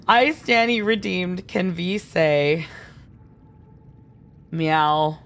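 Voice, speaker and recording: A woman's voice: a little high, expressive, drawn-out words, long pauses, a bit bright. A woman streaming a game live, chatty and giggly, thinking aloud and answering viewer chat. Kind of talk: live gameplay commentary.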